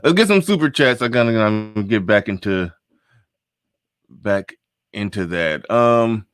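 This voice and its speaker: A man's voice: fairly low pitch, animated, a little slow, a bit bright, dry recording. A man hosting a casual livestream talk show, rambling through his thoughts with many restarts and fillers. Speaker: host.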